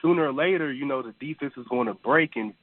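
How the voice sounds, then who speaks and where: A man's voice: mid-range voice, fast, no room sound. A man calling in to a sports radio show, rambling and hesitant, with lots of "you know" fillers. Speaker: caller. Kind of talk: call-in radio chat. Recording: tinny phone line.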